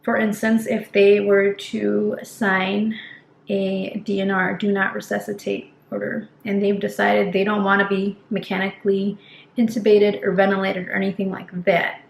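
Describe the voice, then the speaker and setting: A woman's voice: mid-range voice, completely flat delivery, normal speed, gravelly. A young woman, a nurse, talking earnestly and casually to camera in a vlog, with fillers and restarts. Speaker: nurse vlogger. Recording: echoey room, faint background noise.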